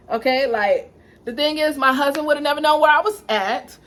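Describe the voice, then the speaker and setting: A young adult woman telling a dramatic personal story to her viewers in a lively, animated way. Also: high-pitched, brisk. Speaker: vlogger. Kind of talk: storytime vlog.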